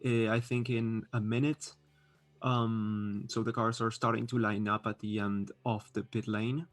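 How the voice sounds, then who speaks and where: A man's voice: fairly low pitch, flat delivery, measured pace, faint music behind. Chatty man with a non-native accent. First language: not English. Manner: chatty, hesitant with many fillers and restarts. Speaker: livestream host reading chat. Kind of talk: casual live-stream commentary.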